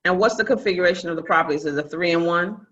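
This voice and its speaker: A woman's voice: on the low side, very fast, fairly bright tone. A woman from Brooklyn, hosting a real estate training call in a chatty coaching manner. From Brooklyn, New York. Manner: chatty, repeats phrases, coaching tone. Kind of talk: casual online training call. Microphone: video call. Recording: dull lo-fi video call audio.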